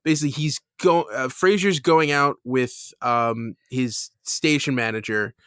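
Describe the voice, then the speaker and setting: Bright-voiced man rambling on a podcast. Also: mid-range voice, a little slow, clean tone, no echo, clean studio sound. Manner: rambling with many fillers and restarts; laughs while retelling a scene. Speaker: podcast co-host. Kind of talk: casual chat.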